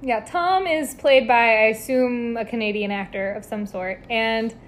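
A woman's voice: on the high side, a little slow. A woman co-hosting a podcast, reviewing a movie in casual chat with dry, sarcastic humor. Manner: wry, sarcastic, laughs often. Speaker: podcast co-host.

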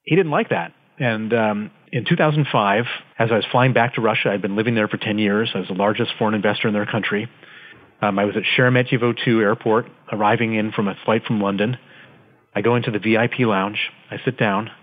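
A man's voice: on the low side, fairly even intonation, a little fast. A man, an interview guest, telling his story vividly and dramatically from his office over the phone. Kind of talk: conversational storytelling. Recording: tinny phone line.

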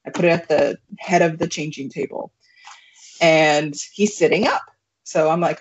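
Lower-voiced woman on a muffled recording. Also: moderate pace, a little hiss or hum. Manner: animated, laughing, frequent fillers. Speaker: guest. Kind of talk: casual storytelling.

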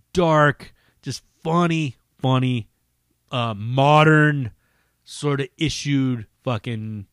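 On his solo podcast, a man with a mid-range, fairly bright voice chats casually, rambling with lots of profanity and plenty of enthusiasm. The studio-quality recording has no room sound.

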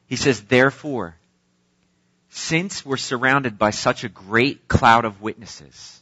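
A man's voice: mid-range voice, takes it slowly, bright, forceful tone, no echo. A man preaching a sermon. He reads scripture aloud and then explains it in an earnest, emphatic way, with an occasional filler. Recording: dull lo-fi, dry sound.

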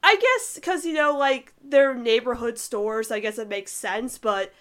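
A woman chats casually on a podcast, breaking into giggles and trailing off with filler words. Her voice sits a little high. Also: measured pace, fairly bright tone. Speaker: podcast co-host reviewing cartoon episodes. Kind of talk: casual chat.

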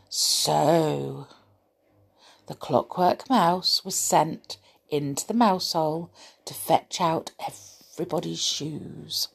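A woman reading a children's storybook aloud in an expressive, lilting way. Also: low-pitched, slow pace, creaky, slightly rough.

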